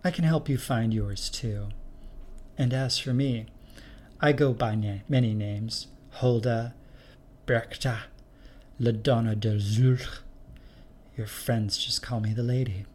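A man reading the part of a mysterious, otherworldly woman who speaks in a calm, matter-of-fact way. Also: medium pitch, slow pace, long pauses, a little hiss or hum, lightly acted.

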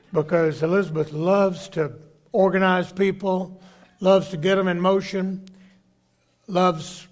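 An older man delivers a sermon at an unhurried pace. His voice sits high for a man, and he tells stories folksily, climbing to emphatic peaks. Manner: slow, folksy storytelling with rising emphatic peaks. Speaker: bishop preaching.

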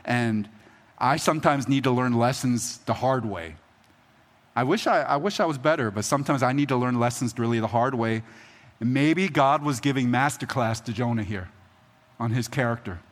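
A man's voice: mid-range voice, moderate pace, big-room sound. A man preaching a sermon in a conversational, joking way, often checking in with the audience. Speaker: pastor.

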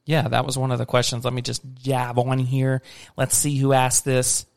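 A man's voice: medium pitch, monotone, normal speed, creaky, smooth, dry recording, studio quality. A man in his thirties hosting a casual family podcast with his daughter, joking and teasing. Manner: joking, teasing, bursts into laughs. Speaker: podcast host and dad.

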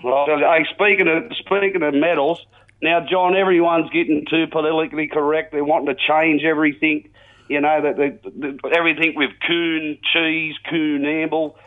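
Older Australian caller, slightly high voice, rambling and colourful, over a radio line. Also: male voice, little pitch movement, moderate pace, narrow, tinny audio. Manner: chatty, colourful, jumps between topics. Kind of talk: talkback radio call. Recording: radio call.

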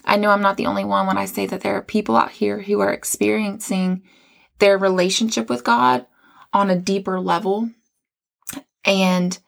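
A woman's voice: mid-range voice, flat delivery, normal speed, creaky. A woman hosting a faith podcast, telling her own spiritual story in an earnest, rambling way with many restarts. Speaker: podcast host. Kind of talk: casual faith podcast testimony.

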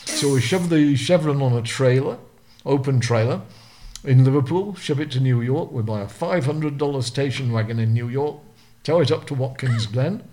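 Older man, Lancashire accent, lively anecdotal storyteller, mid-pitched voice, interview guest. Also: moderate pace. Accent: Lancashire English. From Lancashire, England. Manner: vivid storyteller, acts out the people he quotes. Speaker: guest, retired racing driver.

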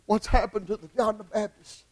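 A male preacher delivering an impassioned sermon in church, swinging from hushed lines to shouted ones. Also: high-pitched, steady tone, moderate pace, poor audio.

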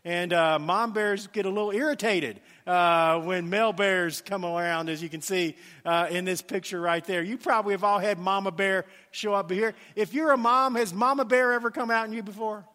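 A man's voice: high voice, fairly even intonation, normal speed, few pauses, pushed and bright, long reverb tail. A middle-aged man preaching a sermon, telling family stories in a folksy way with many fillers, in a church. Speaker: pastor.

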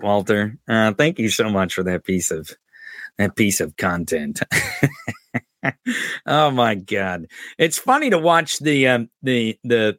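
Mocking potty-mouthed podcast dude, bright voice, swoopy pitch, swears nonstop. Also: male voice, no room sound, studio quality. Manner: crude, mocking, swears constantly, laughs at clips. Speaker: podcast host. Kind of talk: profane political commentary over clips.

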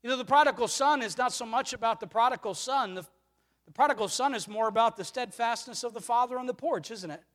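High-voiced preacher in an echoing hall. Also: male voice, fast talker, fairly bright tone. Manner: earnest preaching, rhetorical questions, swells and drops in volume. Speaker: pastor. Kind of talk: sermon. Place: church sanctuary. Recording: long reverb of a church hall.

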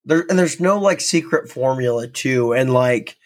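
A man from North Dakota co-hosting a casual podcast chat, talking in an animated way with lots of restarts and quick laughs. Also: medium pitch. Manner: chatty, laughing, stumbling restarts. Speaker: podcast co-host.

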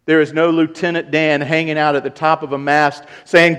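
A man's voice: fairly high pitch, fairly even intonation, normal speed, few pauses, fairly bright tone, clean tone. A man, a pastor, preaching an earnest sermon who repeats key points and rises in volume for emphasis.

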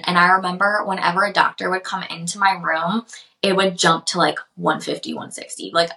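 A woman's voice: medium pitch, pushed and bright, poor audio. A young woman hosting a podcast, telling a personal story in a chatty way with many fillers. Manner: chatty, lots of "like" and "um", gets emotional in places. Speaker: podcast host.

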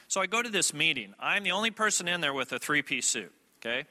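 A man preaches to a church audience in a loose, storytelling way, turning often to his listeners with asides. His voice sits fairly high and sounds sharp and tense. The sound rings on in the long reverb of a large hall. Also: very animated, quick pace. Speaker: traveling preacher. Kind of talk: sermon.

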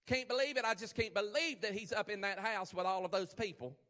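A man's voice: a little fast, bright, forceful tone, in a large hall. A man putting on a scandalized gossiping Pharisee. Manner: exaggerated put-on accent, shrill and incredulous.

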